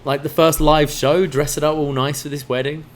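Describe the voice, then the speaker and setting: A man's voice: a little high, level tone, moderate pace, slight background noise. A man reviewing a wrestling show in casual podcast chat, giving enthusiastic analysis with frequent fillers.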